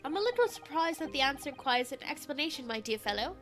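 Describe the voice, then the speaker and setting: A woman puts on an eccentric gentleman detective from a story game, breezy and grandly philosophical. The voice sits high and bright for a man. It is delivered as a game read-aloud. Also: sing-song, quick pace, faint music behind. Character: airy eccentric male British detective.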